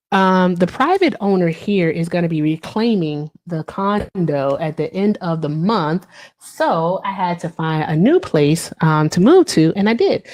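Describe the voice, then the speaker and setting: A woman's voice: mid-range voice, darkish tone. A woman in her thirties chatting casually on a live stream, reading and answering viewer comments, with many fillers.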